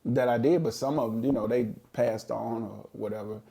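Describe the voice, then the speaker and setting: A middle-aged man with a gravelly, creaky edge to his voice tells a story in a casual podcast chat. His pitch sits in the middle, and he speaks earnestly and thoughtfully, looking back on his past. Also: fairly even intonation, normal speed, dark tone. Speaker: podcast co-host.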